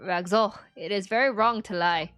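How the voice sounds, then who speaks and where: A woman's voice: mid-range voice, normal speed, a bit bright, soft background music, lightly acted. A woman voicing an earnest young male defense lawyer who asks polite, hesitant questions. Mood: questioning.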